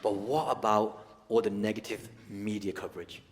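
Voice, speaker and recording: British stand-up comedian in a reverberant hall. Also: male voice, moderate pace. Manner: animated, shouting into high-pitched rants. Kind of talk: stand-up routine.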